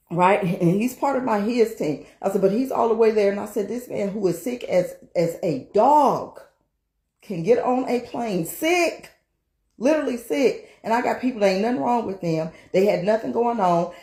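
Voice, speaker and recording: A woman minister preaches through a personal testimony with a middle-pitched voice. She builds emphasis by repeating short lines and keeps checking in with her listeners. The room around her is echoey. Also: darkish tone. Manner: emphatic repetition, asks "right?" often. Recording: roomy echo.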